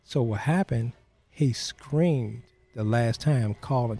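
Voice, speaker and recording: A man being interviewed, recounting a personal story in a halting way, full of "you know" fillers. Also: mid-range voice, warm tone. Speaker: interview guest.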